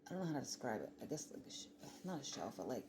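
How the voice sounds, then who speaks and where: A woman's voice: extremely low pitch, very animated, racing, noisy background. A woman vlogger talking in a rambling, heated casual monologue, full of fillers and swearing.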